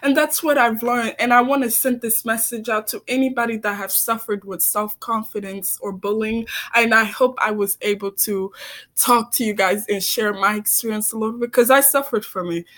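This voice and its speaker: A woman's voice: fairly high pitch, fairly even intonation, moderate pace, a bit bright. A young woman vlogging about her own life, earnest and heartfelt, often stumbling and repeating words as she speaks into a phone camera. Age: young adult. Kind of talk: personal storytelling to camera.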